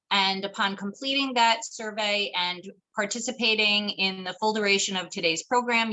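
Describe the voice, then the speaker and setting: A woman's voice: medium pitch, bright, forceful tone, poor audio. A woman moderating an online webinar, reading formal announcements and learning objectives from a script. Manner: formal, announcing list items. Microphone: video call.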